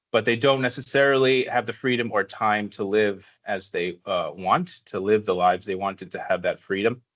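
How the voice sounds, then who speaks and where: An American man giving a pitch presentation in an upbeat, casual way with light jokes. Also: fairly bright tone. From United States. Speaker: city presenter.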